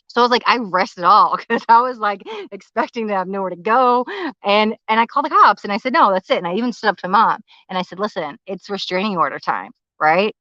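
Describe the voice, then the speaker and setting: A woman talks to her livestream in a candid, emotional way, sharing her own story as a life coach. Her voice is bright and forward, heard close and dry. The audio is a little dull and lo-fi. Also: medium pitch, no room sound. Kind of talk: livestream talk. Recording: slightly muffled, lo-fi livestream audio.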